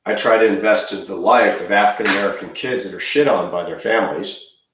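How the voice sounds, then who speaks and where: A man's voice: on the low side, fairly quick, fairly bright tone, far from the mic, a little hiss or hum. A man in his fifties giving an emphatic, rambling ranting monologue with frequent restarts. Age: 50s. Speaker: video commentator. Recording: very echoey room, voice off-mic.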